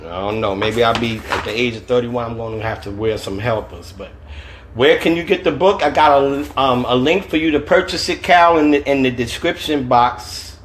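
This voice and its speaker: A man's voice: mid-range voice, moderate pace, slight background noise. Casual slangy man reading on a livestream. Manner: casual, slangy, chuckling often. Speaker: author reading his novel. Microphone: phone livestream.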